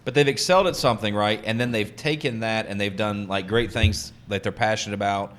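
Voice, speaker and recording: A man's voice: lowish voice, brisk, a bit bright. A man co-hosting a casual studio chat, loose, laughing a lot and swearing. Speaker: podcast co-host.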